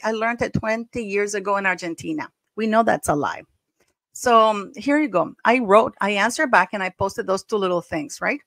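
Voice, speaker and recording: A woman's voice: mid-range voice, no echo. A middle-aged woman hosting a commentary vlog, talking bluntly and scornfully straight to her viewers. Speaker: commentary channel host.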